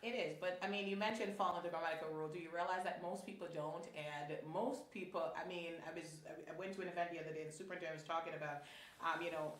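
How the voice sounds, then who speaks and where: A middle-aged woman hosting a casual interview, animated and laughing often. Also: racing. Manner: animated, laughs often, jumps into high-pitched exclamations. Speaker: podcast host. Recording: echoey room.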